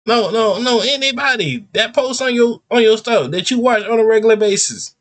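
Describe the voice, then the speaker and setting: A man in his thirties hosting a reaction video, talking in an animated, rambling, slangy way. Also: moderate pace. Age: 30s. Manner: animated, rambling, slangy, jumps between high and low pitch. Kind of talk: casual reaction commentary.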